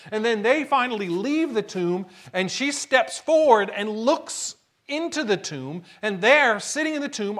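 A man's voice: sits high, fairly bright tone. A man preaching a sermon, retelling a story dramatically and acting out the quotes. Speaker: pastor.

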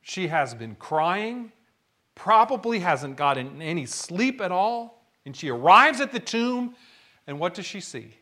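Male preacher, high bright voice, animated delivery, dramatic storyteller. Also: unhurried. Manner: dramatic storytelling, acting out quotes. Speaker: pastor. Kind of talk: sermon.

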